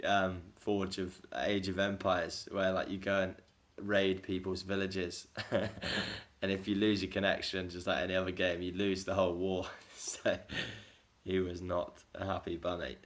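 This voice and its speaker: A man with a very low voice chats loosely into his phone for a daily video diary. He rambles from story to story, laughing at himself as he goes. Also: level tone, measured pace, fairly bright tone. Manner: rambling, self-deprecating, laughs often. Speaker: vlogger.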